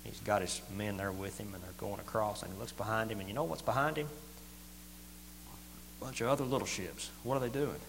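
Folksy preacher in an echoey hall. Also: male voice, lowish voice, fairly quick, gravelly. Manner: folksy and plain-spoken, swings from loud to quiet. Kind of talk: sermon. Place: church hall. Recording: echoey hall with faint hum.

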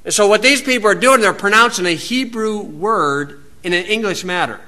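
A man's voice: high voice, moderate pace, sharp tone. A man with an American accent giving an informal, folksy Bible teaching outdoors, wandering into asides and rising to emphatic preaching.

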